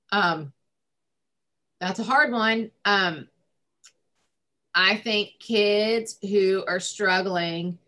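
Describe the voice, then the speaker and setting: A woman's voice: fairly low pitch, fairly bright tone. A woman family therapist giving advice in a recorded discussion, conversational with frequent ums and likes.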